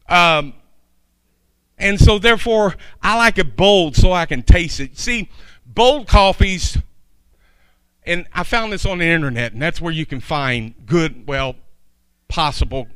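A man's voice: fairly high pitch, a bit bright, smooth, dry recording. A man preaching a sermon in a folksy, chatty way, with asides to his congregation.

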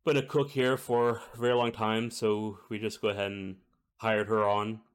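A weary, dry major-domo, as a man puts him on in a tabletop game. He makes introductions in a brisk, matter-of-fact voice. His voice is low and plain. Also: flat delivery, smooth, close to an everyday voice.

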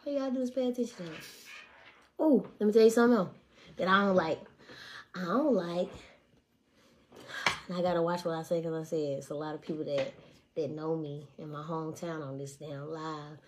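A woman in her twenties telling stories on a casual livestream, blunt and profane. She swings between hushed asides and loud, animated outbursts. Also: low voice, moderate pace, long pauses, slight background noise. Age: 20s. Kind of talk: casual storytelling to a live audience.

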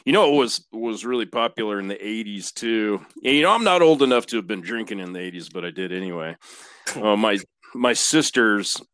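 A laid-back man with a lowish voice, reminiscing in easy, unhurried casual chat and cursing now and then. The recording is dry, with little room sound around him. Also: lively intonation, fairly bright tone, no echo. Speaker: podcast guest.

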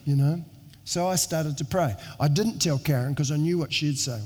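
A man's voice: a little high, normal speed, darkish tone. A middle-aged man preaching a sermon, telling a personal story in an earnest, conversational way with restarts and self-deprecating asides. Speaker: pastor. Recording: long reverb of a large hall.

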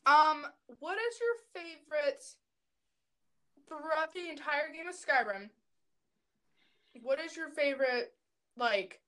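Giggly high-voiced young woman chatting. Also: lively intonation, slow pace, long pauses, pushed and bright. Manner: giggly, rambling with self-corrections. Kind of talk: casual chat among friends.

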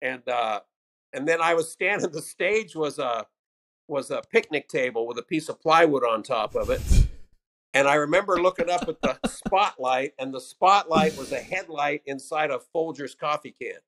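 A man's voice: on the high side, normal speed. An older American stand-up comedian telling loose, salty stories from his career in a casual interview. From United States. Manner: loose, profane anecdotes with animated quoted voices.

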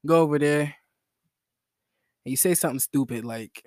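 A man's voice: medium pitch, measured pace, long pauses, no echo, studio quality. A young man hosting a solo podcast in a rambling, slangy, self-mocking, joking way. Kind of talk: casual joking monologue.

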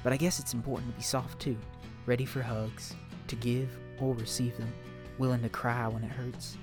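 A heartfelt Southern mother speaks to the child she hopes to meet, homespun and steady, put on by a man reading her letter. The voice sits at a middling pitch. A soft guitar plays faintly underneath. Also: normal speed, close to an everyday voice. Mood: tender. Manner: folksy, heartfelt. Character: warm, tough southern mother writing to her unborn child. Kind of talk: reading a letter aloud in character.

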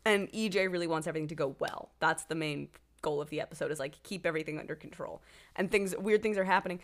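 A woman's voice: deep voice, quick pace. A woman co-hosting a podcast, summarizing episodes in casual chat and laughing often. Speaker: podcast co-host.

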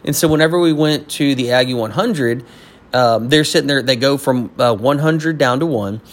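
A young man from Texas, telling a story as a business-owner guest in casual conversation. He talks in an animated way, with a medium-pitched voice. He jumps into the voices of the people he quotes. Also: normal speed.

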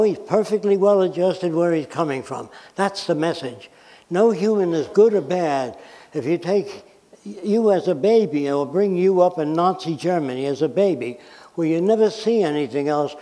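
A man's voice: fairly high pitch, warm tone. An American man giving a blunt, emphatic public lecture, making his points with examples and questions. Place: lecture hall. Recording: reverberant hall.

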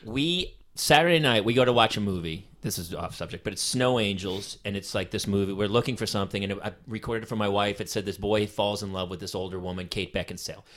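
A middle-aged man hosting a podcast who talks in an animated, blunt way and swears freely. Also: on the low side, quick pace, few pauses. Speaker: podcast host. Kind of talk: casual conversation.

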